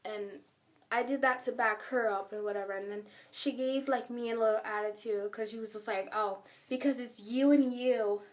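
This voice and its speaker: A woman vlogger with a mid-range voice tells a story at a brisk clip with fairly even intonation. Rambling and emphatic, she fills her speech with "like," and she's a little far from the microphone.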